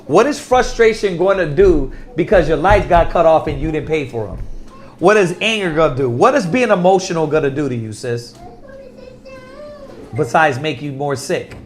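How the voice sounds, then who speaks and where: Man, high voice, casual religious talk, lively storytelling, laughs a lot. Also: moderate pace. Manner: animated storytelling, laughs often, drops to soft quoting voice. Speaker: preacher.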